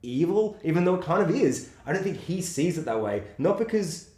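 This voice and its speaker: A man discussing a film in casual chat, swearing freely and acting out quotes in a high voice. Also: sing-song, a little fast, darkish tone. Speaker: podcast co-host. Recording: echoey room.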